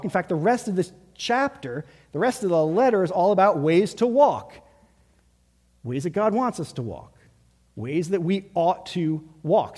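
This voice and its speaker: A man with a high voice preaches to his congregation in an urgent, emphatic way. His words ring out with a long reverb, as in a large church hall. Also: dark tone, husky. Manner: urgent, emphatic preaching with acted pep talks. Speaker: pastor. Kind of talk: sermon.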